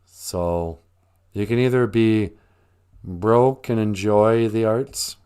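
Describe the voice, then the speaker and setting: A man's voice: lowish voice, takes it slowly, dark tone, clean tone. A man hosting a casual livestream from a small room at home, rambling and joking as he muses aloud with a lot of laughing. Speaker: livestream host.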